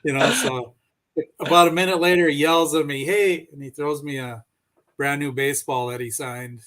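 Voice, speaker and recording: A man's voice: fairly high pitch, steady tone, moderate pace, fairly bright tone. A man chatting in a friendly way and telling anecdotes, with an occasional chuckle. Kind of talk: casual chat, storytelling.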